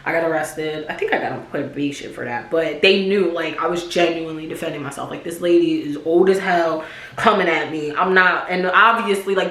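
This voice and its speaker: A young woman telling a storytime vlog in a casual, profane way, acting out loud quotes. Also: on the low side. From Pennsylvania, USA. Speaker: YouTuber. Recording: echoey room.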